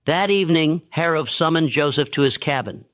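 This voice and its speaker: A man giving steady, measured scripted narration of a dark historical story. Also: a little high. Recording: dull, dry, lo-fi sound.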